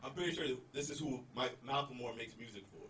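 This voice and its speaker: A man's voice: mid-range voice, fast talker, very noisy. A man trading roast jokes on stage, rambling loosely and chuckling between lines. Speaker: roast battle competitor. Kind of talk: roast comedy. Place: comedy club stage. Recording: distant echoey mic, loud crowd.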